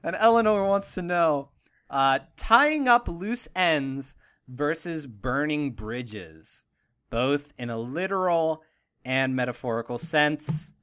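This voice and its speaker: A young man hosts a casual podcast with a bright, clear tone. He rambles and jokes as he talks, drifting from one thought to the next. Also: fairly high pitch, expressive, takes it slowly. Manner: joking, rambling, jumps into goofy voices. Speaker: podcast host.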